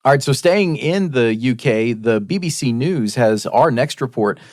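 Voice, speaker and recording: A man's voice: medium pitch, lively intonation, measured pace, a little mellow, dry recording, studio quality. A man co-hosting a podcast, chatting casually and reading news reports aloud. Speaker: podcast co-host.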